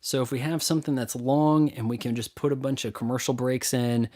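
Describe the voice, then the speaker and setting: Man, casual q&a rant, blunt, sarcastic, swearing, mid-pitched voice. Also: steady tone, brisk, dark tone. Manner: blunt, sarcastic, mocks others with put-on voices. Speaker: YouTube movie and game critic answering questions.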